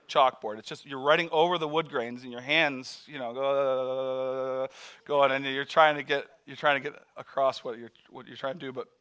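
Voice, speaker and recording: Guy preaching and telling stories, acts out voices, laughs a lot, bright tone. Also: mid-range voice, clear, resonant tone. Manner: animated storyteller, acts out voices, laughs often. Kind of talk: sermon storytelling.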